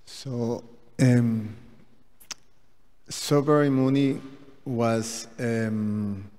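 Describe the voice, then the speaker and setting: A man adding a halting comment during a devotional class, pausing and restarting often. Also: mid-range voice, warm tone, long reverb tail. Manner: halting, many fillers and restarts. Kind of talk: hesitant spoken comment. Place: temple hall.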